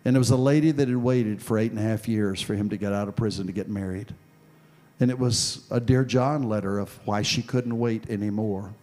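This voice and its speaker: A man preaching a sermon and telling a story from his own past, dropping soft and low, then building to loud, forceful preaching. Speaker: pastor. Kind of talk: sermon with personal testimony.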